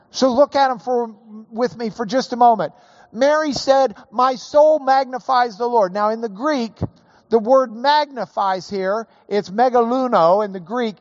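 A man preaching a sermon, slow and emphatic, building to raised emphasis on key points. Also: very high voice, no room sound, muffled recording. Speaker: pastor.

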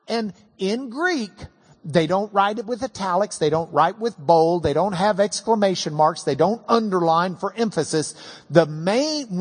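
An animated male pastor preaching in a high, lively voice, slow and deliberate, stammering as he builds emphasis. His tone is a bit husky, and a long reverb trails each phrase in a large room. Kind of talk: sermon.

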